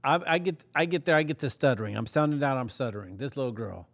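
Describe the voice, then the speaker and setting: A man hosting a podcast, telling a comedic story with lively acted-out quotes and frequent laughs. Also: mid-range voice, fast talker, gravelly. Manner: animated, laughs often, acts out quotes. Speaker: podcast host.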